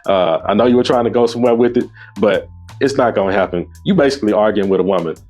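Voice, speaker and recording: A man's voice: on the low side, fast, a little mellow, soft background music. A man hosting his own show, giving opinionated commentary on a debate clip in an emphatic, scornful way that rises sharply when he gets indignant.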